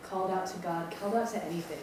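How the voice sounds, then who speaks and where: Low and rapid-fire, the voice belongs to a Maui-born woman in her twenties on a campus ministry's staff. She shares her testimony in a chatty, self-deprecating manner, with plenty of ums. It was recorded in an echoey lecture room from a distant mic, with background noise.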